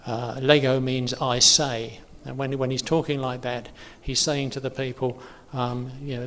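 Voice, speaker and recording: A man's voice: medium pitch, level tone, moderate pace, hardly any pauses, a bit bright, slight background noise. Man teaching faith in an echoey hall. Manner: chatty, self-correcting, many fillers. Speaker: preacher. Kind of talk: informal teaching talk. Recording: long hall reverb.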